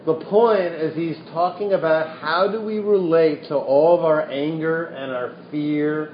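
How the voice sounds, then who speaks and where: A man with a slightly high voice gives a slow, unhurried dharma talk and tells a teaching story with dry, wry asides. The sound is dull and lo-fi, and it rings around an echoey room with faint noise underneath. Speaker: meditation teacher.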